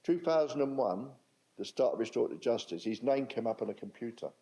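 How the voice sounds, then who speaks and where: A man's voice: medium pitch, animated, a little fast, warm tone, rough recording. An older man with a London accent, telling stories at a public talk in a chatty way and asking the audience questions. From England. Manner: chatty, asks the audience questions, repeats for emphasis. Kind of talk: conversational storytelling to an audience.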